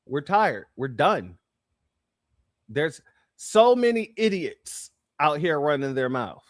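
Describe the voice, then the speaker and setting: Man hosting commentary, high voice, emphatic, repetitive, dry close sound. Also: very animated, slow pace, no room sound. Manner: emphatic, repeats phrases, addresses viewers as family. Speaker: commentary channel host. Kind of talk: reaction commentary.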